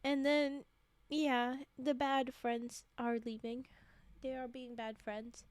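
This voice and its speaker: High-voiced woman reading stories on stream. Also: flat delivery, slow pace, clear, resonant tone, no echo. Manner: reads aloud, breaks off for joking commentary. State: voice straining, short of breath. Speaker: storyteller streamer. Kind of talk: livestream story reading with chat asides.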